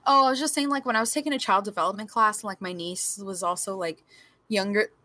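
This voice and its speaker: Young woman, podcast co-host, rambling casual chat, lots of fillers, mid-pitched voice. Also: fast. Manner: rambling and animated, many filler words. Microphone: remote call mic.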